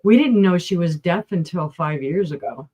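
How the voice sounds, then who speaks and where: A woman's voice: lowish voice, expressive, normal speed, mellow, slightly rough. A woman co-hosting a live online sale, calling bids and chatting between items.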